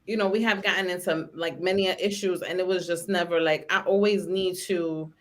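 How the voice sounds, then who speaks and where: A woman's voice: lowish voice, brisk. Chatty woman podcast host. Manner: animated, acts out quotes loudly. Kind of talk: casual chat.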